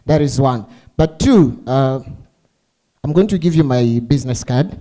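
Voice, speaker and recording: A man's voice: medium pitch, expressive, unhurried, dark tone. A man with a Tanzanian accent, playful and teasing as master of ceremonies, mixing Swahili words into his remarks. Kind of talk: joking remarks to an audience.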